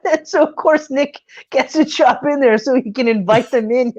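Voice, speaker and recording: A woman's voice: high-pitched, moderate pace, darkish tone, highs cut off. A woman co-hosting a casual movie review podcast, laughing often and swearing freely as she retells scenes. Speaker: podcast co-host.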